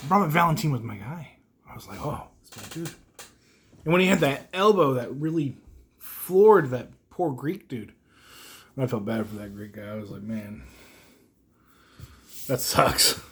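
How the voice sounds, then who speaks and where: A man's voice: medium pitch, sing-song, normal speed. A young man hosting a solo podcast, talking in an emotional, rambling, self-deprecating way with small laughs. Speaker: podcast host. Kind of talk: casual solo podcast monologue.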